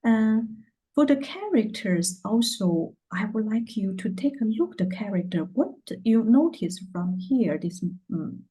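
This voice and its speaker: A woman's voice: on the high side, lively intonation, measured pace, warm tone, breathy edge, low-quality recording. A Mandarin teacher, a woman with a Chinese accent, explaining tones in English with many hesitations and Chinese fillers. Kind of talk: casual online language lesson.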